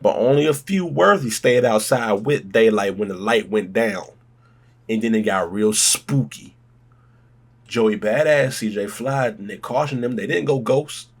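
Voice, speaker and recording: A man hosting a music reaction video, talking in an excitable, rambling way with drawn-out, emphatic exclamations. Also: lowish voice, breathy edge. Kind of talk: casual music reaction commentary.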